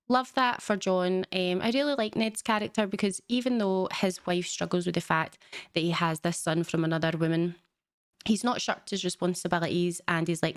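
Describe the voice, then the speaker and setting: A woman's voice: lowish voice, moderate pace, no room sound, studio quality. A young woman, recapping a show in a chatty, rambling way with lots of fillers. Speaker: reaction channel host. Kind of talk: casual reaction recap.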